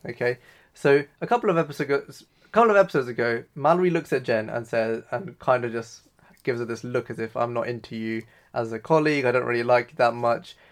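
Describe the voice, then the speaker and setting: Male co-host, mid-pitched, chatty scene-by-scene recapper. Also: fast talker. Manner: retells scenes with loose quoted lines. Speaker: podcast co-host. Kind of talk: casual recap discussion.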